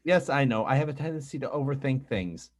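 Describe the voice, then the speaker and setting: A man co-hosting a relaxed podcast conversation, his pitch rising and falling in a lively, animated way. He pokes fun at himself and tends to trail off and restart mid-sentence. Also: fairly quick. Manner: self-deprecating, rambling with restarts. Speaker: podcast host. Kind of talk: casual podcast chat.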